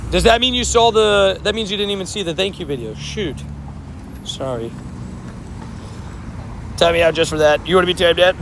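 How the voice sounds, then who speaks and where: A man's voice: sits high, gravelly, a bit bright. A man hosting a live stream outdoors near traffic, chatting casually and rambling while laughing easily with viewers.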